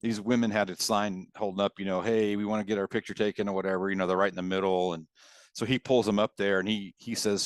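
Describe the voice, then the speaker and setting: A man with a fairly low voice co-hosts a casual podcast over a video call. He rambles through his stories with easy chuckles. The sound is dry and close. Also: fairly quick, no room sound. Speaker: podcast co-host. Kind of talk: casual chat.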